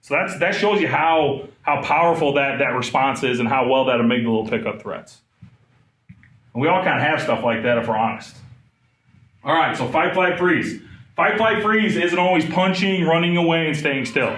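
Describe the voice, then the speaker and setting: Animated man speaking in an echoey room. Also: on the high side, moderate pace. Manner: animated, conversational, asks the audience questions. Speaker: trauma trainer. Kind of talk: live training talk.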